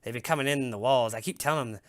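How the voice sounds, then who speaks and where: A man voicing a small, excitable male gnome shopkeeper who rambles in a squeaky, jittery way. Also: quick pace, no echo, studio quality, close to an everyday voice. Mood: rambling.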